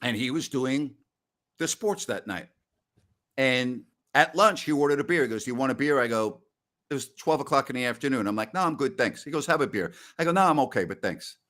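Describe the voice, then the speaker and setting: A man in his sixties hosting a casual post-game show, telling rambling stories loudly with salty language. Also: mid-range voice, expressive, brisk. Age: 60s. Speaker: host.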